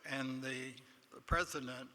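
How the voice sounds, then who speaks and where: Accepting an award in a large banquet hall, an older man with a Texan accent spins an anecdote at his own expense and quotes others in dialogue. His voice is medium in pitch and steady, and he talks at a slow pace. Faint room noise and long hall reverb fill the recording.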